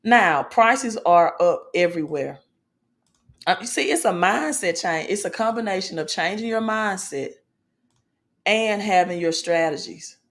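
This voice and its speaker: A woman's voice: on the low side, expressive, a little slow, a bit bright. Emphatic woman talking finance. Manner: emphatic, asks "right?" often, informal grammar. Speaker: finance video host. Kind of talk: casual finance commentary.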